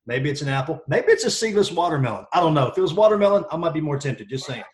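A man in his thirties talking as a podcast guest, energetic and joking as he tells stories. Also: fairly high pitch, rapid-fire. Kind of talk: casual podcast conversation.

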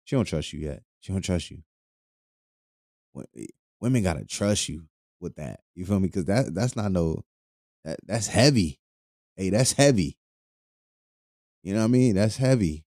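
Man, podcast host, crude joking rant, low mellow voice, dry close sound. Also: animated, normal speed, long pauses, no echo. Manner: crude, joking, loose and rambling, laughs often.

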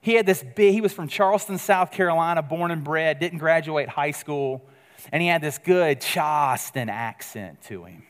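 A man's voice: a little high, animated, moderate pace. Preaching man in a reverberant hall. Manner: earnest, conversational preaching with sudden drops to quiet emphasis. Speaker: pastor. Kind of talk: sermon.

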